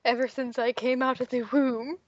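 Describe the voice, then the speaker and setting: A woman interviewing casually, teasing and giggling, with deadpan jokes. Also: high voice, normal speed, no room sound. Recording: dry, dull lo-fi sound.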